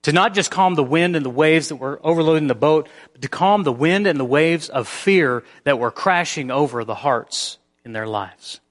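A man preaching a sermon as pastor. His delivery shifts between hushed, near-whispered passages and emphatic, rising peaks. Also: a little high, lively intonation, normal speed, hardly any pauses.

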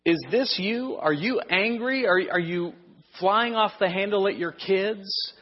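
A pastor preaching a sermon in a conversational, storytelling way with rhetorical questions. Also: male voice, high voice, unhurried. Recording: muffled sound in a reverberant hall.

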